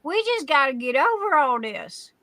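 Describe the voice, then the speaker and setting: A woman's voice: high-pitched, sing-song, normal speed, pushed and bright, dry recording. A middle-aged woman from Southern Arizona hosting a live stream, chatting casually and telling stories with laughs. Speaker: livestream host.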